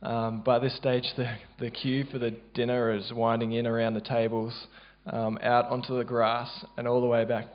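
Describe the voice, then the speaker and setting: A man with an Australian accent, telling a church testimony in a casual, halting way with many fillers. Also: little pitch movement. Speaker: church member sharing a testimony. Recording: dull low-fidelity sound.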